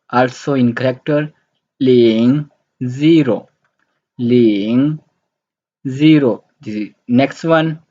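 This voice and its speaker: A man teaching a beginner language lesson, speaking deliberately in simple, halting English and repeating each word several times. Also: medium pitch, a little mellow, lo-fi sound. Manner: simple, halting non-native English phrasing.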